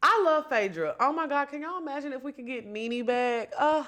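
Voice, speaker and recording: Woman podcast host, chatty and sassy in her gossip commentary, with a bright, slightly high voice. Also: expressive, a little fast. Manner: chatty, sassy, addresses listeners directly. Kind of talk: solo reality-TV gossip commentary.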